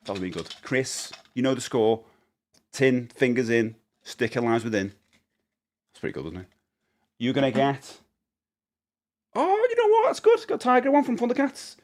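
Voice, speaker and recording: Chatty man, lively pitch. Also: normal speed, long pauses. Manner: rambling, chatty, often laughing. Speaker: live streamer. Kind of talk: casual live-stream chat.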